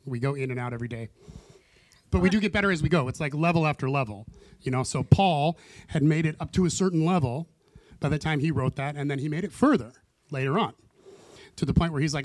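A man's voice: a little high, expressive, a little fast, no echo. Earnest man leading a Bible study. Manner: earnest, conversational, acts out his prayers. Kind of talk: casual teaching talk.

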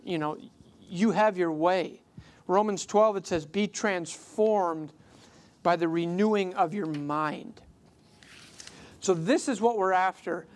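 Brief: earnest pastor preaching a sermon, mid-pitched, conversational, casual fillers.

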